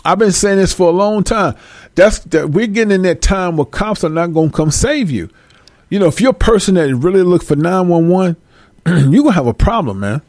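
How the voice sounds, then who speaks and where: Gravelly-voiced man ranting bluntly. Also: high voice, normal speed, no echo. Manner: blunt, preachy, animated, swearing. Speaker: vlogger. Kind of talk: ranting commentary to viewers.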